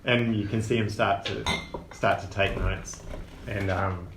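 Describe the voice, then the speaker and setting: A man's voice: lowish voice, fairly even intonation, a little slow, a bit bright, a little hiss or hum. Man narrating as dungeon master. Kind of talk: narrating a tabletop game. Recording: roomy room echo.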